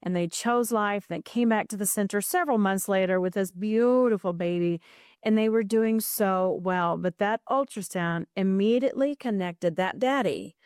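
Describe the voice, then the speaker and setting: A woman's voice: medium pitch, moderate pace, a little mellow, clear, resonant tone, no room sound, studio quality. A middle-aged woman, a podcast guest, telling a heartfelt story with earnest emotion and frequent restarts.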